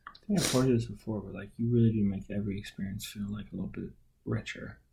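Young male co-host, soft-spoken and supportive, easygoing chat. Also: fairly low pitch, fairly even intonation, fast, vocal fry, background noise. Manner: gentle, supportive. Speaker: podcast co-host. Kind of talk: casual chat.

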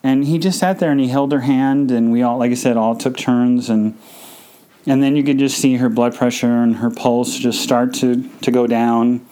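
A man hosting a podcast, telling a personal story in a halting, emotional way, full of fillers and restarts. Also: mid-range voice, fairly even intonation, warm tone, poor audio. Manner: emotional, subdued. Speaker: podcast host.

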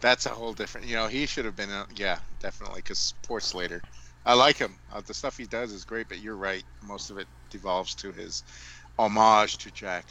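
Bright-voiced man rambling in chat. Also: fairly low pitch, fairly quick, poor audio. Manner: rambling, self-correcting asides. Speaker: podcast co-host. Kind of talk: casual chat.

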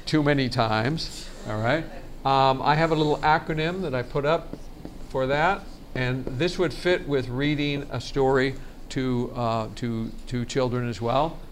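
A man teaching a workshop on storytelling in a relaxed seminar style, talking casually and often restarting his sentences. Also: mid-range voice, unhurried, a little hiss or hum. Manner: chatty, frequent restarts and laughs. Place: conference meeting room.

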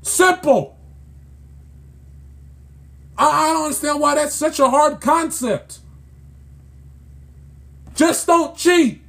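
A man's voice: very high voice, slow pace, vocal fry, pauses often, a bit bright. A man ranting in sports commentary, exasperated and scolding, repeating himself as he builds his point.

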